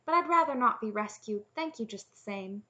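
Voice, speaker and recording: A woman's voice: a little high, lively intonation, brisk, pushed and bright, voice pushed up. A woman narrator voicing a young princess who speaks firmly and matter-of-factly. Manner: firm and matter-of-fact. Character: young princess, firm, practical, unconventional.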